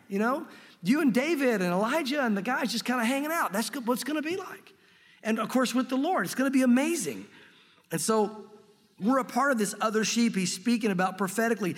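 A man preaching a sermon with earnest excitement, teaching from the Bible and reading scripture aloud. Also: extremely high pitch, in a large hall. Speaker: pastor.

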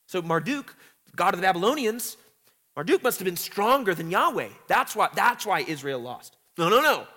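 Earnest high-voiced man teaching scripture. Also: big pitch swings, moderate pace, bright, forceful tone, long reverb tail. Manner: earnest, breaks into emphatic paraphrased cries. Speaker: Bible teacher. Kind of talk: scripture reading and commentary.

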